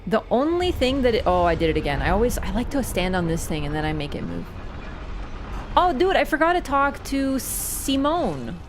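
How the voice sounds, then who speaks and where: A woman's voice: a little high, sing-song, normal speed, background noise. A young Canadian woman chatting casually while livestreaming a game, rambling with lots of "like". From Ontario, Canada. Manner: chatty, rambling, full of "like" fillers. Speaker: streamer.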